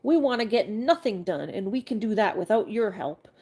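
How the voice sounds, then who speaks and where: A woman's voice: mid-range voice, expressive, normal speed, mellow, breathy edge. Woman voicing idle storybook creatures, languid and lecturing. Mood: snappish. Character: lazy sluggish creatures who do nothing.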